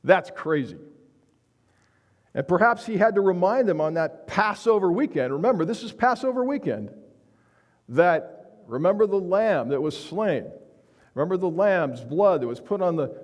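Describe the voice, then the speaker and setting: A man's voice: a little high, very animated, moderate pace, darkish tone, in a large hall. A male pastor preaching a sermon in a church sanctuary, speaking earnestly and with emphasis, often restarting his phrases.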